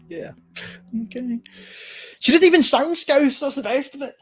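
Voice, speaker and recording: A man's voice: very high voice, no echo. A Scottish man hosting a livestream, giving sardonic, rambling commentary and reading the chat aloud. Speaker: livestream host.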